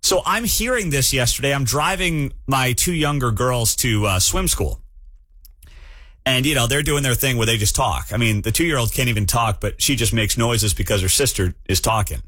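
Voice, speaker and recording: A man hosting a morning talk radio show, ranting in an animated and incredulous way. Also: medium pitch, no echo.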